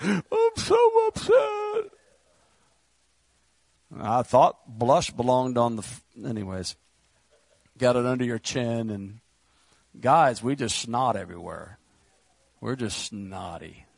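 A man's voice: medium pitch, gravelly, dry recording. A man preaching a sermon in a conversational way, with joking asides and stumbling restarts. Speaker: pastor.

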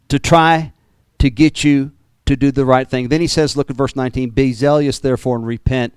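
Smooth-voiced man preaching with animated swings. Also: normal speed, no room sound. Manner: animated preaching with jumps in pitch and repeated words. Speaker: pastor. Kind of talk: sermon.

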